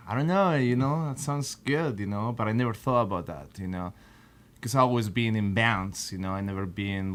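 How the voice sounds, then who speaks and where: Man, low voice, hesitant with fillers, faint background hiss. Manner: halting, many fillers and restarts. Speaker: guest guitarist. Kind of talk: casual interview chat.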